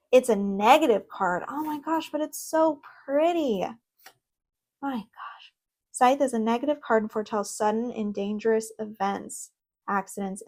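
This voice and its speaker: This is a laid-back deck review vlog from a young woman who makes tarot content, speaking into her home mic in a fairly high voice. Between reading out what each oracle card means, she bursts into eager, talkative tangents and short bursts of laughter.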